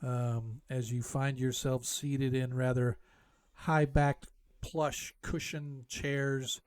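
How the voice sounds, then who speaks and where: A man acting as game master, slowly describing scenes for his players with frequent ums. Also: medium pitch, level tone, clear, resonant tone. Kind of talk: narrating a tabletop game.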